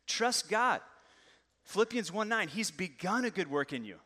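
Man, 30s, young pastor, chatty and lively sermon, bright forceful tone, hall reverb. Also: high-pitched, fairly quick, husky. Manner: casual, conversational, gets animated and loud. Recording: long reverb of a large hall.

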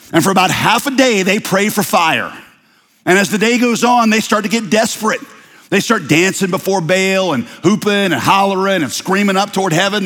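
A man preaching a sermon, telling a story with lively, playful asides. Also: on the high side, in a large hall. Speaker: pastor.

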